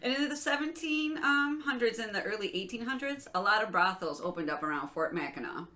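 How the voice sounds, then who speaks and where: Giggly woman co-host, bright tense voice, loose rambling storyteller, casual podcast chat. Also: mid-range voice, lively intonation, a little fast. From Michigan.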